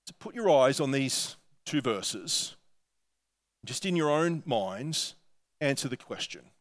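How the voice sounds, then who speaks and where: A man's voice: mid-range voice, lively intonation, slow pace. A man with an Australian accent preaching a sermon, talking earnestly and conversationally and reading quotations aloud. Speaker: pastor.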